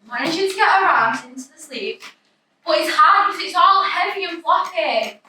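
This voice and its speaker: A woman's voice: extremely high pitch, expressive, normal speed, sharp tone. A young woman narrating her own story in the first person, in an anxious, breathless, confessional way. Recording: echoey room, distant mic, faint noise.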